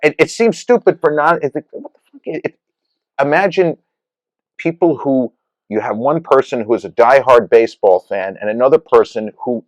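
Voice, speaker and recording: A man's voice: medium pitch, expressive, moderate pace, no echo, highs cut off. Rambling, reflective podcast man. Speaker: podcast co-host. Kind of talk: casual chat.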